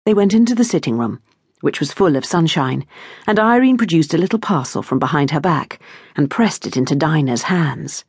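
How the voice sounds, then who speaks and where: A woman narrating an audiobook novel in a measured, expressive storytelling manner, on a close studio mic in a recording booth. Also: low voice, husky, no room sound. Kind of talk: scripted narration.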